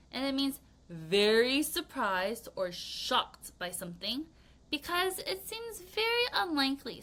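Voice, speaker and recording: Lively, bright-voiced young woman teacher. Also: fairly high pitch. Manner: expressive, acts out example reactions with gasps and exclamations. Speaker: English vocabulary teacher. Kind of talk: recorded vocabulary lesson for young students.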